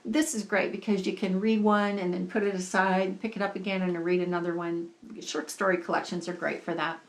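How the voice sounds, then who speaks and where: A woman's voice: lowish voice, little pitch movement, a little fast. A woman book vlogger talking in a chatty, enthusiastic, gushing way about what she is reading. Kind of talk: casual book-review vlog.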